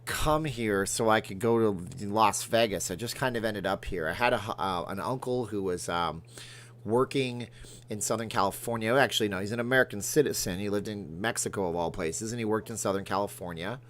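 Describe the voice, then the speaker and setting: A man's voice: fairly low pitch, fairly quick, a bit bright, a little hiss or hum. A middle-aged man from Canada hosting a casual livestream, reading viewer comments and rambling between jokes and remarks to his cat. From Alberta, Canada. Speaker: livestream host.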